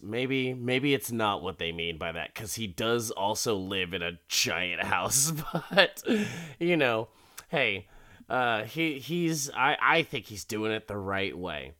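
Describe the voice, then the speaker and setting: Rambling casual man, bright and clear. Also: mid-range voice. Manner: rambling, swears casually, laughs often. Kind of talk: casual chat recapping a TV episode.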